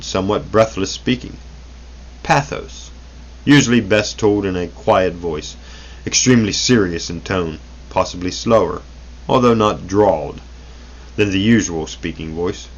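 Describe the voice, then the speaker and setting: A man's voice: lowish voice, muffled recording. A man reading an old self-help booklet aloud, unrehearsed, stumbling over words and correcting himself as he goes.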